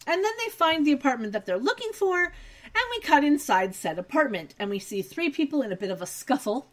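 A woman's voice: sits high, very animated, fairly quick. A woman co-hosting a podcast, recapping a TV episode in casual chat with wry asides. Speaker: podcast co-host.

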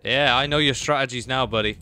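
A young man commentating a video game, excitable, chatting to enemies and pets and swinging from low mutters to high exclamations. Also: a little fast, clear, resonant tone. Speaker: gaming YouTuber. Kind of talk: live gameplay commentary.

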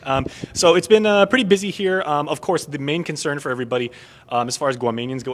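A man's voice: on the high side, quick pace. A man hosting a live local news segment, chatty and joking, with many fillers. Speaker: news host. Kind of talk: casual live news chat.

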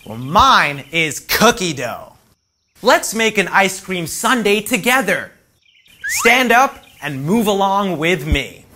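A man's voice: sits high, sing-song, slow pace, sharp tone, a little hiss or hum. A man hosting a preschool educational show, upbeat and playful, talking directly to young viewers and acting out animals. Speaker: children's show host. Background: music.

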